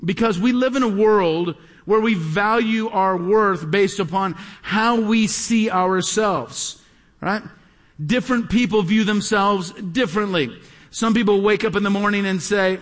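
High-voiced pastor preaching in a hall. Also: male voice, unhurried. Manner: emphatic preaching with repetition and rhetorical questions. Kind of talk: sermon. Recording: live sermon with long hall reverb.

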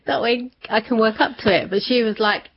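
A woman's voice: on the high side, a little fast, husky. A woman telling a personal story in conversation, chatty, laughing often and acting out what people said. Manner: chatty, laughs often, acts out quoted voices. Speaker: interview guest. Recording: dull lo-fi sound.

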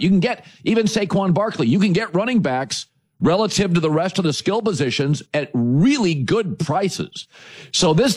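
A middle-aged man hosting a sports talk show, delivering an emphatic, opinionated monologue in punchy lists. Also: high voice.

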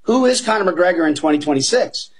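Talking quickly, a man with a husky, high voice pitches his fight picks with emphatic enthusiasm. He turns again and again to the "guys" on his panel, pressing his favorite arguments like a practiced betting analyst on an animated talk show.

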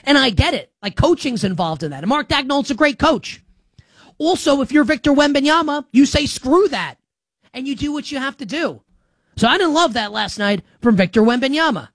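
A man's voice: extremely high pitch, animated, a little fast, fairly bright tone, dry recording. Sarcastic, emphatic male sports host. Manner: sarcastic, emphatic, rambling with restarts. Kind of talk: solo sports commentary monologue.

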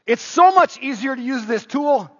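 A man preaching a sermon, telling a personal story in a conversational, animated way with many restarts. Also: extremely high pitch, moderate pace. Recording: dull sound with long hall reverb.

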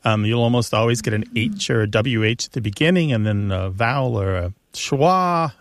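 A man's voice: medium pitch, lively intonation, normal speed, no room sound, studio quality. A man hosting a language radio show with upbeat, playful banter.

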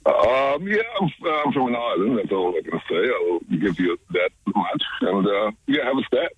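A man from Grenada with a Grenadian accent, calling in to a radio show with a deep voice and a slow, laid-back crooning manner. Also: sing-song, slightly rough, no echo, muffled recording. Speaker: caller. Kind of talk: casual radio call.

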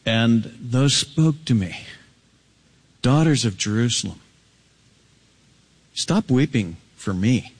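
A man preaching a Bible sermon, jumping up to high, ringing emphasis and dropping low and quiet, stretching key words slowly. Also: lively intonation. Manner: swings between soaring high emphasis and low hushed reading. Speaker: pastor. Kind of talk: expository sermon.

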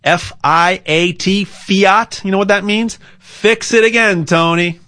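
Slow, rambling man pitching gold. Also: steady tone, pushed and bright, dry recording. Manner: rambling, repeats words, jokey asides. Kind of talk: casual promotional talk.

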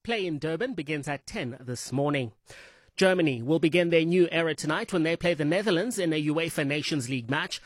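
A man reading a scripted sports news bulletin in a steady, measured way. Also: a little high, no room sound, clean studio sound. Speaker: sports newsreader.

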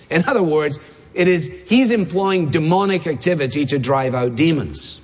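A man preaching a sermon, emphatic, repeating key phrases and slowing down to stress words. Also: a little high, animated, husky. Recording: long hall reverb.

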